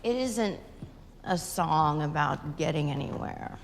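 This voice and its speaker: An actress playing a fragile, aging female singer who talks haltingly and emotionally to a concert audience. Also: sits low, animated, gravelly, slight background noise, exaggerated voice. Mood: tender. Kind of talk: film drama dialogue. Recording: echoey concert hall with audience.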